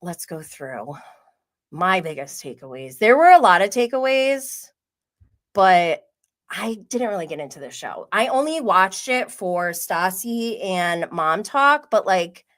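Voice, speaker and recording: A woman hosting a casual pop culture livestream, chatting quickly with many "like" fillers and frequent laughs. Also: mid-range voice, sing-song, fairly bright tone. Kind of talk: casual gossip chat.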